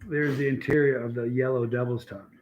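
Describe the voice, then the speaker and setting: A man's voice: medium pitch, fairly even intonation, fast, a little mellow, rough recording. A man hosting a casual livestream, telling a long rambling story and greeting viewers in the chat. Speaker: host.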